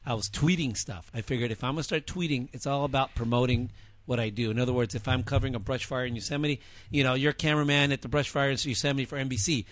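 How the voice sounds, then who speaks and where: A man's voice: medium pitch, fairly even intonation, quick pace, few pauses, a bit bright. A middle-aged man telling a rambling story in a casual interview chat, often interrupting himself. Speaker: freelance TV cameraman, radio show co-host.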